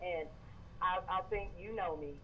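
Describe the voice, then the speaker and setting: A man's voice: sits high, a little slow, highs cut off, a little hiss or hum. Friendly Southern man calling in. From Georgia, US. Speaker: caller. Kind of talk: phone-in conversation.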